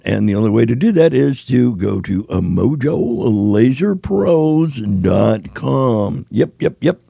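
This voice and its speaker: A man's voice: medium pitch, gravelly, mellow, slightly rough, no room sound. A man hosting and rambling in a folksy, casual way between comedy clips. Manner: rambling, folksy, drawn-out fillers. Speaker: podcast host. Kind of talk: casual chat.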